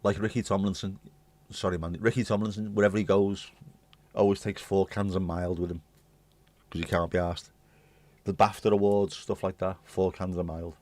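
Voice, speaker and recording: Rambling Liverpudlian man, low voice. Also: level tone, moderate pace, darkish tone, no echo. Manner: rambling, jokey, swears casually. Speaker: livestream host. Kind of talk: casual chat with viewers.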